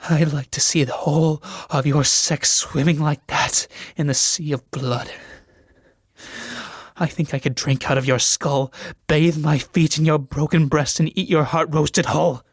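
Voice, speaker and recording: A man's voice: fairly high pitch, steady tone, a little slow, breathy edge, no echo, clean studio sound. A man reading a volatile proud young noblewoman. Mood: furious. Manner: swings from pleading to shrieking fury. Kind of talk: solo reading of a stage play.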